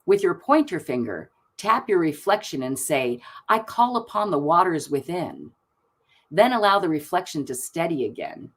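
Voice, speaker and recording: Gentle woman reading tarot cards aloud. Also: lowish voice, very animated, moderate pace, breathy edge. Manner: soft, gentle and emotional, laughs often. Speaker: tarot card reader. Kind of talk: live-stream card reading, reading aloud.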